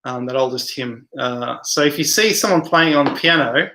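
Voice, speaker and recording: A man's voice: mid-range voice, normal speed, bright, forceful tone, a little hiss or hum. A man hosting a casual live stream, reading viewer comments aloud and rambling with many hesitations.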